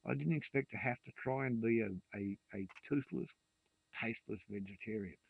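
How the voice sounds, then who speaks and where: A gravelly-voiced Australian man in his sixties delivers a vehement, expletive-laden rant, sitting at a middle pitch. The sound is thin and phone-like, with no room echo at all. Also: a little fast. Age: 60s. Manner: profane, ranting and vehement. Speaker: vlogger. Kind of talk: angry rant to camera. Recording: dry tinny phone-like sound.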